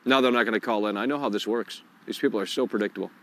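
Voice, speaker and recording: A man's voice: lowish voice, very fast, a bit bright. A man hosting a live call-in stream outdoors, swearing and muttering in frustration as he fixes his tech. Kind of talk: live-stream rant while fixing tech.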